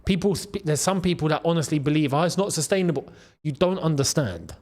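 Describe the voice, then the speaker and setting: A man hosts a football channel, chatting straight to his viewers in a loose, excitable way. His voice sits high and swings widely in pitch, rising sharply whenever something amazes him. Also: brisk. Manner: animated, excitable, with frequent laughs and repeated phrases. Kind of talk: casual football commentary to camera. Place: in the Gulf region.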